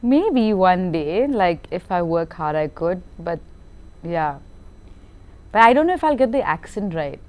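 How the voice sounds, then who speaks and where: Smooth-voiced actress, lively chat. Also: female voice, fairly low pitch, unhurried. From India. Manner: animated storyteller, laughs often, repeats words. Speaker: film actress. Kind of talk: casual interview chat.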